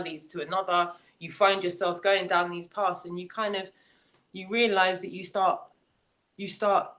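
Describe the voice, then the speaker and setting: A woman's voice: fairly low pitch, a bit bright. An English woman on a video call, telling a long story casually and hedging a lot with "kind of". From England. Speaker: guest panelist.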